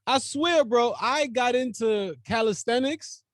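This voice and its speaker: High-voiced man in casual podcast banter. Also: unhurried, no echo, clean studio sound. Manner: profane, laughing, loose slang. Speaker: podcast host.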